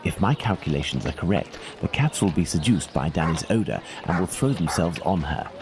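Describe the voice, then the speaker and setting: Calm, clever game detective; low voice, lively pitch, polite and measured, noisy audio. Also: male voice. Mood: composed. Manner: polite, measured, reasoning aloud. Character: Sherlock Holmes, male detective, calm and clever.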